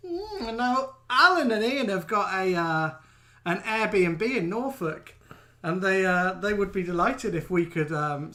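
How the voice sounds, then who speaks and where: Bright-voiced, chatty man. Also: high voice. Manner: chatty, jokey, quick asides. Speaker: co-host of a live chat show. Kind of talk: casual chat, reading out viewer names.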